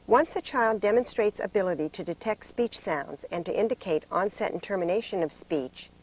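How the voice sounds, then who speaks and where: A woman giving scripted narration for a training video in a measured, explanatory way. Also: mid-range voice, animated, rough recording.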